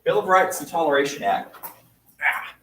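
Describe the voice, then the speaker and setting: A man's voice: a little high, animated, normal speed, bright, forceful tone. A man teaching a history lesson in a casual, chatty way, stretching out his phrases, recorded from a distance in a classroom. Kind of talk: classroom lecture. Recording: roomy, distant mic, faint noise.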